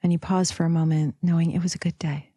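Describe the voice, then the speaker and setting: A woman podcast host leading a slow, soft guided meditation, sometimes dropping into a whisper and calling the listener sister. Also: lowish voice, little pitch movement, slightly rough, dry recording. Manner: calls listener "sister", affirmations.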